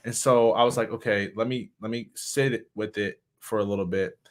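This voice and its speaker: Candid, halting man speaker. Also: fairly low pitch, fairly even intonation. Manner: candid, halting, with many restarts and soft laughs. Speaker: motivational speaker and suicide survivor. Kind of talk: personal reflective talk.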